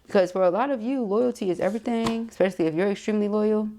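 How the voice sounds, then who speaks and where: A woman's voice: mid-range voice, racing, warm tone, a little hiss or hum. A woman giving a casual, emphatic tarot reading straight to her viewers. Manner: chatty, emphatic, addresses viewers directly with asides and laughs. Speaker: tarot reader.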